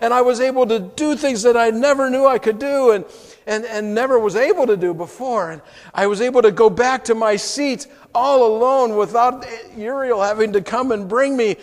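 High-voiced preacher in an echoing hall. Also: male voice, moderate pace. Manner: heartfelt, swings from hushed to exclaiming. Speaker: pastor. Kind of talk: sermon, emotional first-person story. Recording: long hall reverb.

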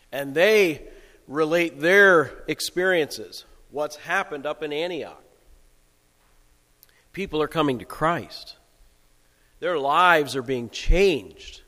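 A male pastor giving a sermon in a relaxed, conversational storytelling way. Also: a little high, takes it slowly, long pauses, big-room sound.

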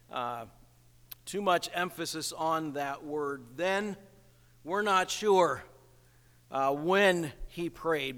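Slow, emphatic preacher in a reverberant hall. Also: male voice, on the high side, pushed and bright. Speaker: pastor. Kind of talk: sermon.

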